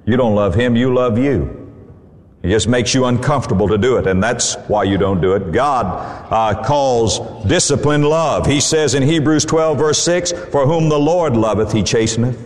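A man's voice: medium pitch, moderate pace. A man preaching a sermon in a folksy, emphatic way, quoting scripture and acting out little dialogues. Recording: long hall reverb.

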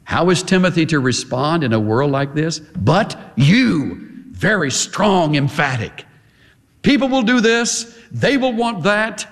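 A man preaching a sermon, impassioned and emphatic, with repeated staccato phrases and swings between quiet low passages and high forceful ones. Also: lively intonation, a little slow. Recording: long hall reverb.

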